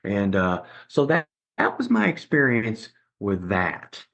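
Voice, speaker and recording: A man's voice: on the low side, slow, vocal fry, muffled recording. A middle-aged man as a podcast guest, telling a personal story conversationally and acting out what others said. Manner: animated, acts out other people's lines.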